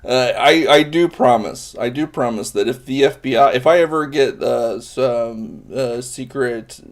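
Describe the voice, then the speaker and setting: A man's voice: mid-range voice, unhurried. A man co-hosting a podcast, joking in casual banter with dry asides and bursts of laughter. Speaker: podcast co-host.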